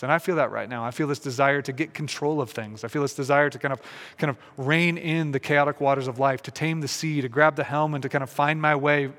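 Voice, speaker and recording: A man giving a reflective, earnest sermon, often restarting phrases and slowing into soft, quiet pauses. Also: mid-range voice, big-room sound. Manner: earnest and searching, with many restarts and slow, softened pauses. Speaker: pastor.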